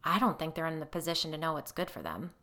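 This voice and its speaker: A woman's voice: sits low, sing-song, fast talker, bright, forceful tone, full character voice. A woman voicing a blunt, determined woman investigator with a firm, direct way of speaking, in a storybook reading. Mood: worried.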